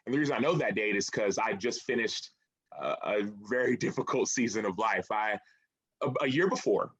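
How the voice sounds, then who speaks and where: A man's voice: fairly low pitch, brisk, fairly bright tone, husky, no room sound, lo-fi sound. A man in his thirties, an author and former football player, telling his story in an interview in an earnest, reflective way and often repeating phrases.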